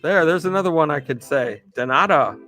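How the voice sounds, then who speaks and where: Guy hosting a live stream, slow easygoing shout-outs, bit of a high voice. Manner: upbeat, greets viewers by name, laughs often.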